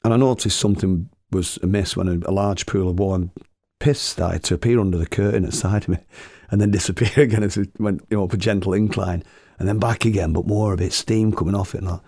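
A man with a gravelly voice telling a comic story, swearing and chuckling as he goes. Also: sits low, steady tone, quick pace, darkish tone, no room sound, studio quality. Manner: swearing, chuckling anecdotal delivery.

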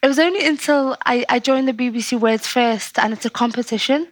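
A woman with a Scouse accent, a poet talking in a casual interview and telling her stories in a chatty, animated way. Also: on the high side, no room sound. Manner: animated, chatty storytelling with quick asides. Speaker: poet, guest.

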